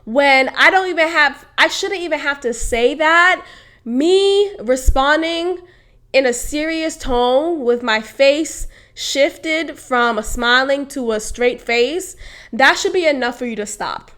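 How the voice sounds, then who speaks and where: A woman's voice: high voice, slow, fairly bright tone. A young woman hosting a podcast, telling a workplace story casually and candidly, swearing freely and laughing as she goes. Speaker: podcast host.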